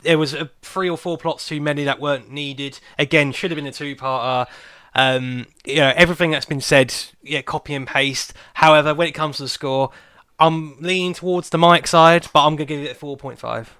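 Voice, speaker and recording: A man's voice: on the high side, steady tone, sharp tone, smooth, no room sound, studio quality. A man on a podcast, chiming in with short, sweary remarks. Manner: quick interjections, sweary. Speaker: podcast guest. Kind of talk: casual chat.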